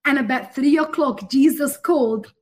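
A woman's voice: sits high, moderate pace. A woman guest minister answering in an interview with a fervent, emphatic preaching manner, speaking straight to the host.

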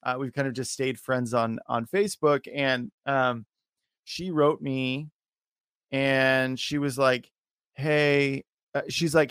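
A man's voice: mid-range voice, steady tone, measured pace, fairly bright tone, clean tone, no room sound, studio quality. A man hosting a podcast, chatting casually and telling a personal story. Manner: casual storytelling with brief affirmations. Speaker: podcast host. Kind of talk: podcast interview.

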